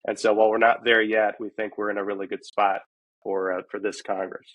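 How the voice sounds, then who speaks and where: A man's voice: lowish voice, flat delivery, brisk, no room sound, dull audio. A man answering a podcast host's question in a conversational way, often restarting his sentences. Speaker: guest, housing policy advocate. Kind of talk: casual podcast interview answer.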